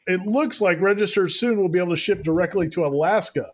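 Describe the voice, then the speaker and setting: A man co-hosting a sports podcast with a slightly raised voice. He walks through figures and news in detail and tends to ramble. His tone stays conversational and even-handed. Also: high voice, fast talker. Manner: explanatory, detailed, a bit rambling. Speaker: podcast co-host. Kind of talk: casual sports podcast chat.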